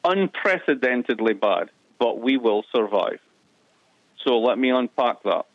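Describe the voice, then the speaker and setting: A man's voice: mid-range voice, animated, no echo, muffled recording. A man with a Scottish accent, from the east coast of Scotland, joking and explaining as a guest economist. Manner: jokey, quick explainer. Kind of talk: joking interview talk.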